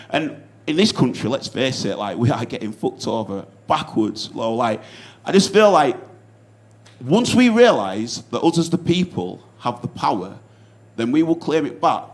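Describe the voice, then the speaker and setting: A man with a Yorkshire accent doing a stand-up set, telling stories in an earnest, casual way with some swearing. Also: mid-range voice. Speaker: stand-up comedian.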